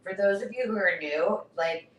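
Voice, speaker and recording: A woman's voice: medium pitch, moderate pace. A woman co-hosting a live sale, teasing and joking with the host. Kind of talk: casual live chat. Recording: roomy sound with faint noise.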